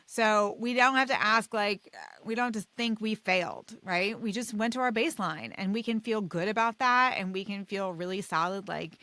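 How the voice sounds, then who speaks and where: A woman doctor talks straight to her listeners in a loose, encouraging coaching style, dropping "like" and "okay?" every few phrases. Her voice sits in an ordinary middle pitch. The recording is dry and close, with no room sound. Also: normal speed, pushed and bright, dry recording. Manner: encouraging, chatty, many fillers like "like" and "okay?". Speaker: podcast host and weight loss doctor. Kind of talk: casual solo podcast coaching talk.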